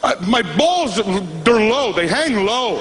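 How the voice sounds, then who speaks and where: A man working a live comedy stage, his speaking voice sitting high for a man. He tells his story with animation, slipping into voices and sound effects. The room's ambience comes through clearly behind him. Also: very animated, slow pace, noisy background. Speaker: stand-up comedian. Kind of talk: stand-up storytelling.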